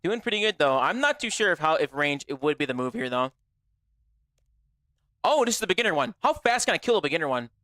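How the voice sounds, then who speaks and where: A man streams a game and keeps up casual, brash chatter with his viewers, full of profanity and jokes aimed straight at chat. His voice runs on the high side with big pitch swings and a quick pace, bright and forceful, on a dry recording.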